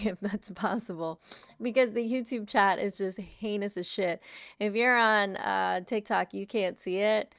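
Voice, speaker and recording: A woman's voice: on the high side, gravelly, a bit bright, clean tone, no echo, studio quality. A tired young woman chatting casually to her livestream chat, laughing often and swearing freely.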